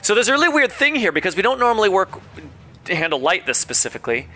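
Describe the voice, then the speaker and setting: A man running a tabletop game as game master, talking with many fillers and pauses. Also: sits high, big pitch swings, bright, forceful tone, soft background music. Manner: rambling, hesitant with many fillers.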